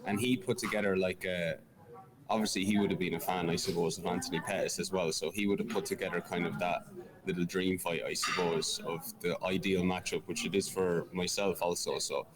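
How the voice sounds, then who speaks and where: A man's voice: low voice, brisk, low-quality recording. Man over café chatter. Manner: animated storyteller, swears freely. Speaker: MMA fighter and coach. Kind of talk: casual interview chat.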